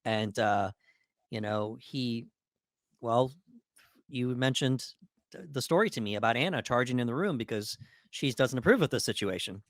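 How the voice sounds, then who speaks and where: A man's voice: mid-range voice, animated, moderate pace, pauses often, no room sound, clean studio sound. A man co-hosting a podcast, talking through a movie in a loose, rambling way with plenty of fillers and restarts. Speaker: podcast co-host. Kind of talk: casual film discussion.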